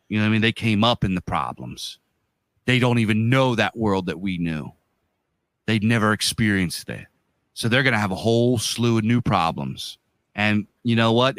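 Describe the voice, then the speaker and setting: A man in his thirties or forties co-hosts a podcast, speaking bluntly in casual conversation full of slang and profanity. His voice sits on the low side and is a bit bright, recorded with no room sound.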